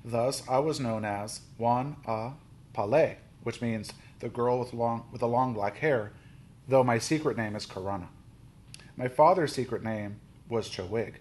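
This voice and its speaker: A man reading a children's novel aloud, lifting his voice for quoted lines and dropping low on speech tags. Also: measured pace. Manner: steady storybook reading, with small restarts.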